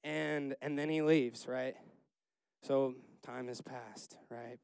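A man leading a casual Bible study, chatty and laughing, acting out the characters in quick asides. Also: mid-range voice, fairly even intonation, creaky, a little mellow, clean tone, dry recording.

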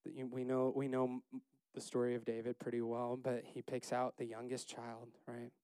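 A man leading a casual Bible study, chatty and laughing, acting out the characters in quick asides. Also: medium pitch, monotone, dark tone, clear, resonant tone, no echo.

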